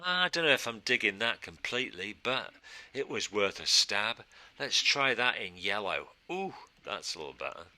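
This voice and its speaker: A man's voice: on the low side, big pitch swings, moderate pace, sharp tone. A man teaching a casual design tutorial, thinking aloud and answering his own questions as he works. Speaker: design instructor. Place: studio.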